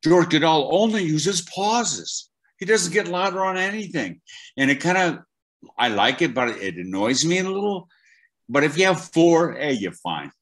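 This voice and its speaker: A man's voice: on the high side, moderate pace. An older man, a voice acting teacher, talking animatedly as an interview guest, with frequent restarts. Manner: animated storyteller, many restarts. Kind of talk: conversational interview.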